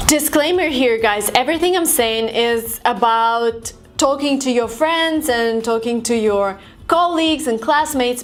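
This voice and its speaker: Fairly high-voiced woman, chatty english lesson, acts out big reactions. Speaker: language vlogger teaching English phrases. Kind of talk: casual video lesson. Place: lives in San Francisco.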